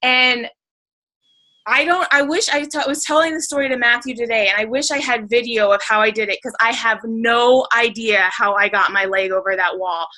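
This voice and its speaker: A woman's voice: on the high side, steady tone, normal speed, pushed and bright, rough recording. A woman telling a story on a group video call, chatty and emotional, with lots of "like" and fillers. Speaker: team member sharing a story on a group call. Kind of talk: casual storytelling.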